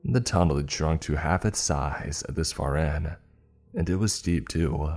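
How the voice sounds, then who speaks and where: Very deep-voiced male story narrator. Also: darkish tone. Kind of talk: first-person scripted story narration.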